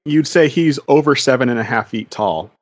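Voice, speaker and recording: Man, game master, scene description, mid pitch, dry close mic. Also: moderate pace, no echo, lo-fi sound. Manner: descriptive, even narration. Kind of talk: narrating a tabletop game.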